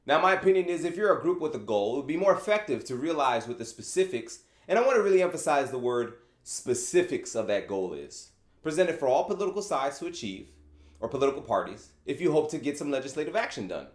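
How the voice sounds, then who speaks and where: Man, vlog host, opinion commentary, lively swooping delivery, sarcastic asides, echoey room. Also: on the high side, fast talker. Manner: animated, rhetorical questions, sarcastic asides. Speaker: channel host.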